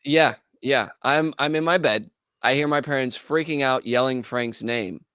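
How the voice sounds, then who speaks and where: A man with a smooth, resonant voice tells a story in a relaxed, animated way, jumping into the voices of the people he describes. The sound is dry and close, from a podcast studio. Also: mid-range voice, measured pace, no echo. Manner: animated, acts out quoted voices. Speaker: guest musician. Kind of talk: casual storytelling.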